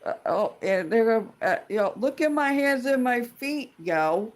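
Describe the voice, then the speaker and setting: A woman's voice: a little high, lively intonation, a little slow. A woman ranting in a casual vlog, profane, rambling and indignant as she vents like a fed-up tenant. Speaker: tenant venting about a dispute.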